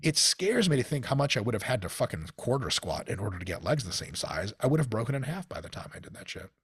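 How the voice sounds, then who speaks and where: An American man with a husky, lowish voice tells a gym story in a loose, swearing podcast conversation. His pitch swings widely as he builds the tale, and the sound is close and dry. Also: quick pace, no room sound. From United States. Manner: profane, storytelling, animated. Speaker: guest. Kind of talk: casual podcast chat.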